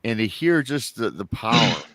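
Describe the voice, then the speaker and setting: A man's voice: on the low side, big pitch swings, normal speed, a bit bright, dry recording. A man hosting a casual podcast chat, stretching out emphatic words as he responds to a guest. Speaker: podcast host.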